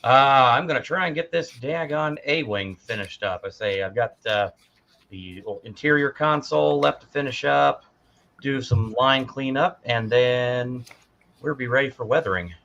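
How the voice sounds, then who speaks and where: A man co-hosting a casual chat, laid-back and quick to laugh. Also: mid-range voice, creaky, a bit bright, muffled recording. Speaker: co-host.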